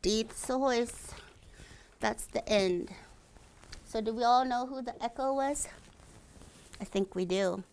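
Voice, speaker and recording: Slow, clear-voiced woman storyteller. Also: mid-range voice. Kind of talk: reading stories aloud to an audience. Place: library.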